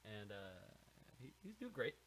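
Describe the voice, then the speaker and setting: A man's voice: lowish voice, very animated, unhurried, fairly bright tone, slight background noise, poor audio. A young man, a musician guest on a podcast, reminiscing in an easygoing, casual chat.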